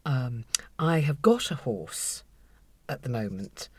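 A woman's voice: rumbling low, big pitch swings, takes it slowly, breathy edge, no room sound. A woman co-hosting a casual studio chat, bawdy and playful, laughing often. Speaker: podcast co-host.

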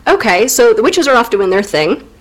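Animated woman co-hosting a comedic podcast. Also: on the high side, moderate pace, rough recording. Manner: playful, mock voices for characters; swearing, irreverent. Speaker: podcast co-host. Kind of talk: comedic literature recap.

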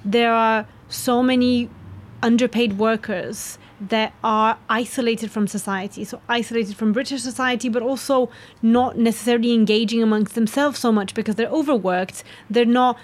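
Romanian actress chatting, higher voice, blunt and lively. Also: female voice, normal speed. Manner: candid, animated, outspoken. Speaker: actress and guest. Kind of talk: conversational interview.

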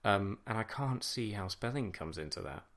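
A man's voice: on the low side, expressive, normal speed, a bit bright. A man giving casual, chatty commentary on a TV episode, swearing freely and laughing often.

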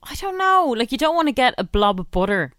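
A woman's voice: high voice, very animated, fairly quick, a bit bright, no room sound, studio quality. A young woman with an Irish accent, co-hosting a radio show in casual, emphatic chat full of likes and you-knows. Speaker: radio co-host.

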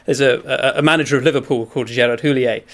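Quick, rambling British man. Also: medium pitch, steady tone, over a noisy crowd. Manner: rambling, self-deprecating, with restarts. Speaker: sports journalist and guest. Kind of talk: casual chat, storytelling.

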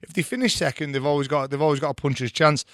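A man's voice: fairly high pitch, fast talker, a bit bright, dry recording. An Australian man co-hosting a podcast, chatting about sport in an easygoing way. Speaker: podcast co-host. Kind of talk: casual sports chat.

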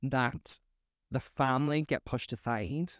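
A man's voice: mid-range voice, takes it slowly, no room sound, studio quality. A man co-hosting a podcast, talking animatedly and swearing freely between laughs. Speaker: podcast co-host. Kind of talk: casual chat.

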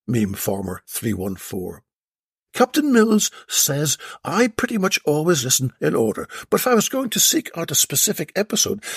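A man hosting a podcast, reading out listener comments one after another in a wry, lively way. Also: fairly high pitch, creaky, husky, no echo, clean studio sound. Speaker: podcast host.

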